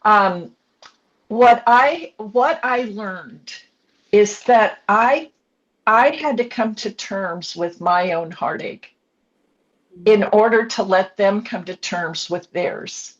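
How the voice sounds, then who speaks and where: A woman's voice: mid-range voice, slow pace. A woman in her sixties, an author and coach, earnestly telling her own family story as a podcast guest in short reflective phrases. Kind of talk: candid personal storytelling. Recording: dull lo-fi podcast audio.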